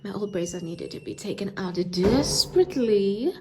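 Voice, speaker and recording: A young woman in her twenties chatting casually in a vlog clip, relaxed and musing aloud. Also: mid-range voice, moderate pace, background noise. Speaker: vlogger.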